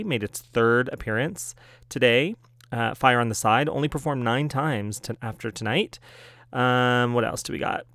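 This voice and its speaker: A man's voice: mid-range voice, fairly bright tone, no room sound, clean studio sound. A young man hosting a fan podcast, talking in a chatty, playful way with little laughs. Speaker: podcast host. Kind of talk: casual podcast monologue.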